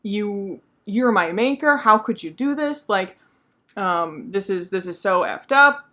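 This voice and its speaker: A woman's voice: medium pitch, lively intonation, unhurried, bright, forceful tone. A bitter, lonely male creature airs his grievances in loose everyday phrasing, as a woman voices him. The retelling is casual and chatty, in a middling voice. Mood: aggrieved. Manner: retold casually, like paraphrased speech. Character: lonely resentful male creature, hurt and vengeful.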